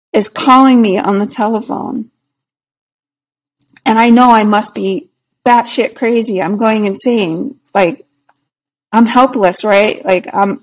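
A woman quoting a panicked, gruff old man. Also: medium pitch, poor audio. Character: frightened, gruff older man yelling.

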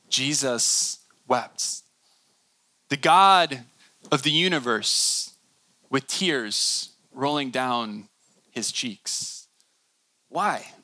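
A man preaching a sermon, earnest, building with rhetorical questions and dropping soft on key lines. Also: fairly high pitch, no echo. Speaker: pastor.

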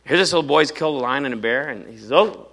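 A man preaching a sermon in a conversational, animated way, full of rhetorical questions to his congregation. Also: medium pitch, racing. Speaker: pastor.

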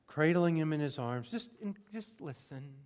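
A man preaching a sermon in a conversational way, acting out prayers in everyday words and moving between emphatic bursts and hushed moments. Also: on the high side, expressive, normal speed. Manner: conversational, swings from loud emphatic to soft and hushed. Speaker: pastor.

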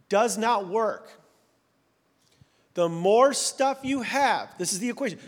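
A man in his forties gives a sermon in a loose, chatty manner, poking fun at himself between points. His voice sits a little high for a man. A long reverb hangs on his words from the large hall. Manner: conversational, self-deprecating humor. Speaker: pastor.

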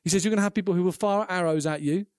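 High-voiced preacher, earnest. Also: male voice, rapid-fire, clear, resonant tone, no room sound, studio quality. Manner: earnest, animated storytelling with acted quotes. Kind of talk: sermon.

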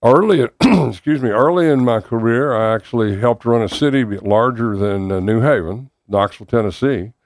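A man with a Southern US accent answering interview questions as a political candidate, measured and pausing with fillers. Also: medium pitch, a little mellow, no echo, studio quality.

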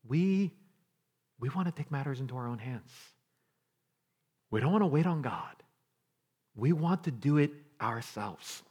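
A male pastor preaching a sermon with dramatic delivery, moving between loud passages and hushed near-whispers, with casual asides to the congregation. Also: medium pitch, animated, a little slow, pauses often, slightly rough.

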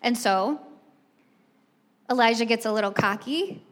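Speaking a little slowly in a fairly high-pitched voice, a woman preaches a conversational sermon. She tells the story in a chatty manner and addresses the crowd directly, and long reverb from a hall fills the recording.

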